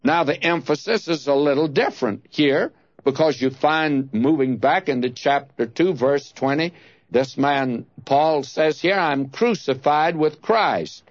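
A man teaching verse by verse through scripture, reading passages slowly and measuredly. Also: fairly high pitch, no room sound. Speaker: Bible teacher. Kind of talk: expository Bible teaching. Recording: dull lo-fi dry recording.

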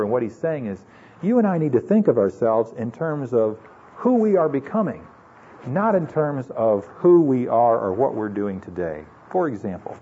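American guy preaching, husky and kinda mellow, talks to you like a chat, muffled old recording. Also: on the low side. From United States. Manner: earnest, conversational preaching with rhetorical questions. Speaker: pastor. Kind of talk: sermon. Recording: dull lo-fi recording.

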